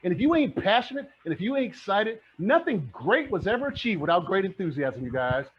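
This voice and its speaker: His voice sits high and swings widely in pitch as this middle-aged real estate mentor speaks fairly quickly in a fired-up motivational presentation, repeating points preacher-style. The muffled lo-fi recording has slight background noise.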